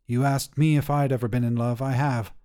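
A man voicing a weary, gruff old witch who lives in a hut, speaking in a dark, gravelly tone. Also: mid-range voice, fairly even intonation, a little fast, natural voice.

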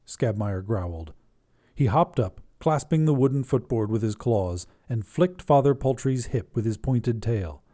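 A man hosting a flash fiction podcast, reading the story in even, measured narration. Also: medium pitch.

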